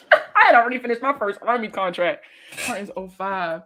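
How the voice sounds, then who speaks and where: A woman around thirty with a Baltimore accent, hosting a casual livestream chat with viewers, slangy and profane and quick to laugh. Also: medium pitch, expressive, sharp tone. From Baltimore, USA. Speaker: host answering viewer comments.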